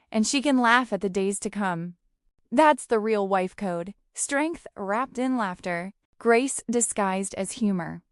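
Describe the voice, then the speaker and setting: A woman's voice: on the high side, no room sound, clean studio sound. A woman giving a playful, teasing scripted narration of a humorous story.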